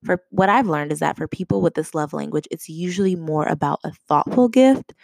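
A woman's voice: low-pitched, brisk, gravelly, a little mellow, dry recording. A young woman hosting a podcast, talking chattily in a casual, conversational way and laughing often. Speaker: podcast host. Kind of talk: casual solo podcast talk.

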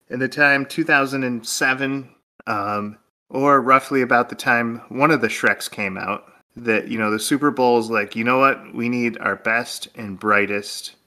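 This podcast co-host is a man whose voice sits at a medium pitch, bright and forceful. Chatting casually for laughs, he keeps things playful, joking around and frequently laughing.

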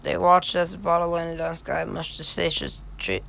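A man's voice: a little high, flat delivery, normal speed, creaky, bright, forceful tone, a little hiss or hum. A man reading fan fiction aloud for laughs, with sardonic asides and stumbles over the words. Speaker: reader.

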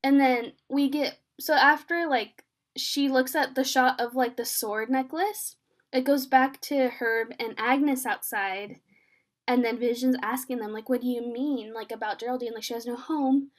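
A high-voiced young woman, a podcast co-host, gives an excited but unhurried recap of a TV episode in casual chat. Her retelling is heavy with fillers, and she acts out the scenes in quoted voices.

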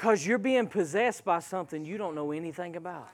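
A man's voice: sits high, lively intonation, fairly quick. A man preaching a sermon, emphatic and calling out to the congregation.

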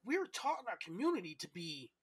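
A man's voice: high-pitched, big pitch swings, fast talker, breathy edge, dry recording, studio quality. A man hosting a casual podcast conversation, earnest and open, often repeating words as he searches for his thoughts. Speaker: podcast host.

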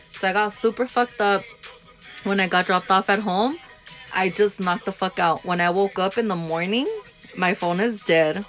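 A young woman co-hosting a podcast, telling a story in casual chat with animated, frank, profane talk. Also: medium pitch. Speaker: podcast co-host.

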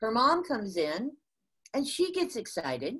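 An older woman from the USA, a guest in an interview, telling a business story in an animated way with frequent restarts. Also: a little high, slow pace, husky.

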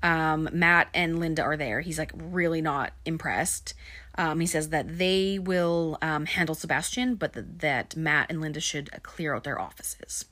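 A woman with a low voice talks through a film plot in a loose, chatty way, filling pauses with ums and likes. The sound is dry and close, with no room echo. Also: fairly bright tone. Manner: casual, with many ums and likes. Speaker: film recap narrator. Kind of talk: casual spoken film recap.

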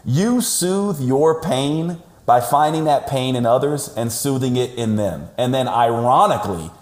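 A man joins a podcast over a call and tells his story with animated emphasis. His voice sits in a middle pitch. The sound is roomy, with echo around it. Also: a little slow. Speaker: podcast guest. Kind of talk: conversational storytelling. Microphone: remote call audio.

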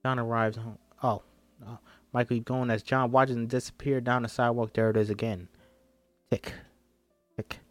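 A man's voice: mid-range voice, little pitch movement, brisk, dry recording, soft background music. A man reading a screenplay aloud and breaking off for chatty, self-interrupting asides. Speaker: script reader and commentator.

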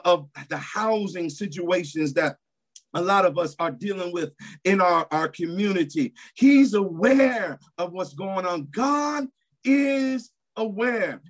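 A man preaching a sermon in a church service, emphatic and repetitive, swinging between loud declarations and hushed asides. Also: high-pitched, slightly rough.

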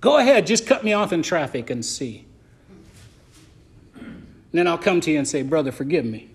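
Pastor guy preaching in church, kinda high voice, goes loud then soft. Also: big pitch swings, moderate pace. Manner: preaching with swings between loud emphasis and soft asides. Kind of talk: sermon.

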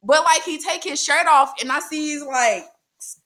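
A young woman telling a crude, animated story in casual chat, laughing often. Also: high voice, normal speed.

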